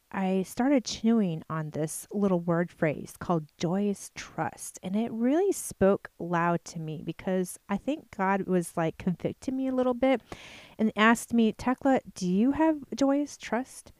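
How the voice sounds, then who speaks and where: A woman's voice: medium pitch, slow, darkish tone, no room sound, studio quality. A middle-aged woman recording a casual devotional talk in her home basement. She acts out both sides of her talks with God and laughs easily.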